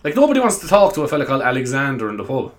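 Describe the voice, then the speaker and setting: A man's voice: medium pitch, wildly swooping pitch, rapid-fire. A young Irish man hosting a solo podcast, chatting casually in a rambling, easily sidetracked way and giggling a lot. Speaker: podcast host.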